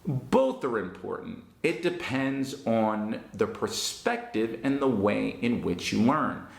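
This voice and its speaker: A man teaching English, answering viewer questions in a measured, step-by-step way. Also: medium pitch, sing-song, creaky, roomy sound.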